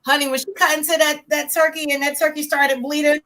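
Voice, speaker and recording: A woman's voice: high-pitched, flat delivery, quick pace, a bit bright. A woman in her thirties telling stories in a casual chat, acting out her own reactions with lots of animation. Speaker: podcast host.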